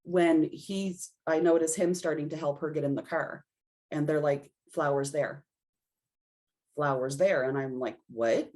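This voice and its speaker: Low-voiced woman telling a lively story. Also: normal speed. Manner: animated storyteller acting out her own reactions. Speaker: podcast guest, intuitive reader. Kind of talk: storytelling in casual conversation.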